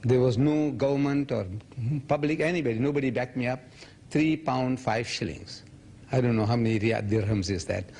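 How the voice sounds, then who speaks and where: Answering questions from the audience at a public lecture, a man in his seventies spins lively stories and performs other people's words in a raised voice. He speaks at normal speed in a mid-range voice, with slight background noise.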